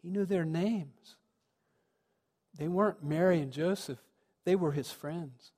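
A man's voice: on the high side, a little slow, darkish tone. A man, a minister, giving a sermon with reflective storytelling that rises to earnest emphasis. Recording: long reverb of a large hall.

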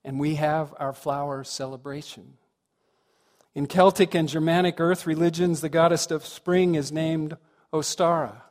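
A man's voice: fairly high pitch, steady tone, measured pace, a little mellow. A man giving a reflective, conversational sermon to a congregation, often asking them questions. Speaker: minister. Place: congregation hall. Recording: long hall reverb.

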